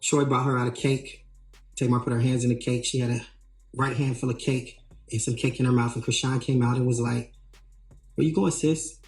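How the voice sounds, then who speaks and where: A man working as a tour manager tells a story in an animated way, re-enacting what people said with emphatic rises. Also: medium pitch, fairly quick. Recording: roomy echo, faint music.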